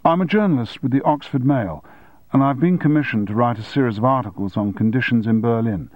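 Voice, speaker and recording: A man's voice: mid-range voice, fairly quick, no echo, dull audio, lightly acted. A man voicing an eager young male journalist who tries to sound older than his years. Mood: earnest. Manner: earnest, trying to sound grown-up.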